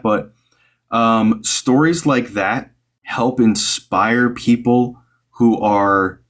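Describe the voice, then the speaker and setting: A man's voice: mid-range voice, fairly bright tone. A man hosting a live stream as a psychic medium, giving rambling, upbeat advice to a caller with many fillers and restarts.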